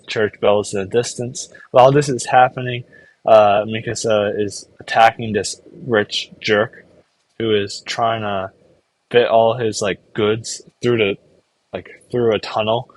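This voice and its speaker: A man's voice: on the low side, fairly even intonation, a little slow, no room sound. A man casually recapping anime episodes in a rambling way, filling his talk with "like" and briefly acting out characters' lines. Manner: rambling, filler-heavy, full of "like". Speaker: anime reviewer.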